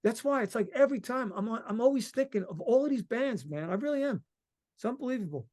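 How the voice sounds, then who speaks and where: A middle-aged man from Long Island, a musician guest telling stories in a rambling, excited way and swearing freely. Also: very high voice, quick pace. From Long Island, New York. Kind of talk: casual interview chat.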